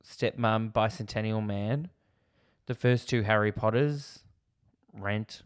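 A man co-hosting a casual film podcast, answering with dry, deadpan humor. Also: lowish voice, takes it slowly, clean tone. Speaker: podcast co-host.

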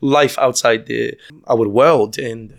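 A man with a Lebanese accent tells stories in a casual interview. His voice sits at a middle pitch, and he laughs often and restarts sentences as the stories tumble out. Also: takes it slowly, vocal fry. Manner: animated storyteller, laughs often, lots of restarts. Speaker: guest.

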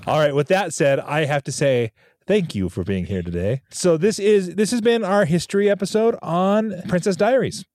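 Higher-voiced man hosting a podcast. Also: expressive, normal speed, a little mellow, no room sound, studio quality. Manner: wraps up, previews next episode. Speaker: podcast host. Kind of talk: casual chat.

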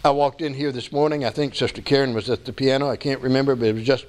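A male pastor preaching a sermon, earnest, with slow, emphatic stretches. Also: medium pitch, fairly even intonation, darkish tone.

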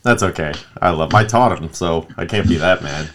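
Guy in his 30s, casual podcast chat, lively storyteller doing little voices. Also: deep voice, moderate pace, a little hiss or hum. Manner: animated storyteller, acts out quotes. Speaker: podcast co-host.

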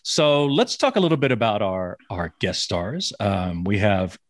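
A man's voice: on the low side, very animated. A man hosting a podcast in casual chat, upbeat, steering the talk and agreeing often. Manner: upbeat, leads the show, lots of quick agreeing. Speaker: podcast co-host.

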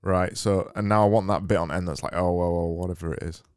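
A man's voice: low voice, fairly even intonation, quick pace, darkish tone, smooth, no echo, studio quality. A man hosting a podcast, teasing his co-hosts and directing them. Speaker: podcast host. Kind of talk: casual chat.

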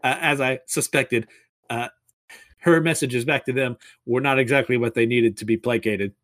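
A man's voice: mid-range voice, steady tone, moderate pace, a bit bright, no room sound. A man casually recapping a comic chapter and reading its dialogue aloud, amused and often laughing at the story.

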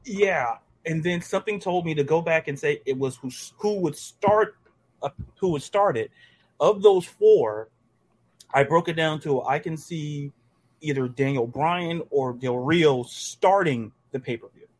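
A man on a podcast calmly talking through how he reasoned out a trivia answer, with some restarts. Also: on the high side, low-quality recording. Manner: deliberate, explains his reasoning step by step. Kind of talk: casual podcast chat.

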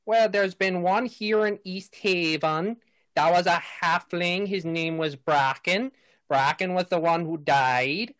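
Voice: medium pitch, slow, fairly bright tone, no echo. A game master voicing a male fisherman villager who drawls, rambles and loses his train of thought in a tabletop game. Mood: folksy.

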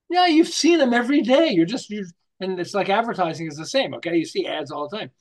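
Speaking fast with hardly any pauses, an American man with a fairly high voice shares stories as an interview guest; he's a marketing author. Animated and joking, he acts out small scenes, jumps between examples, and keeps starting his sentences over.

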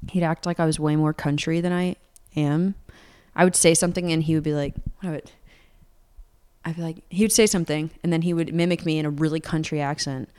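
A woman's voice: low voice, steady tone, a little fast, darkish tone, clean tone. A woman in her twenties, a singer-songwriter from Atlanta, chatting casually in an interview, rambling with lots of fillers. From Atlanta, United States. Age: 20s.

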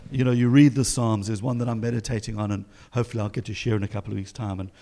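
A man's voice: fairly low pitch, steady tone, very fast, warm tone. A man with a South African accent preaching an encouraging sermon as pastor, full of emphatic rhetorical questions.

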